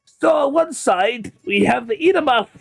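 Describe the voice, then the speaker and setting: A man putting on a gruff old barwoman. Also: very high-pitched, lively intonation, moderate pace, a bit bright, soft background music, pitched above the performer's own voice, exaggerated voice. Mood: brusque. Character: gruff old female barkeep, blunt and coarse.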